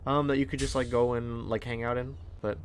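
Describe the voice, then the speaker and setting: A man's voice: medium pitch, level tone, brisk, slight background noise. A man hosting a casual game playthrough, talking in a rambling way with many fillers and restarts. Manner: rambling, lots of fillers and restarts, hums along. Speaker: let's play host. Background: faint game music.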